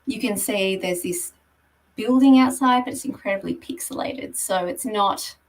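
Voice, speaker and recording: A woman's voice: mid-range voice, normal speed, recorded from a distance, rough recording. A woman giving a conversational presentation on property marketing, explaining slides with frequent ums. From Australia. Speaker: guest speaker on property marketing.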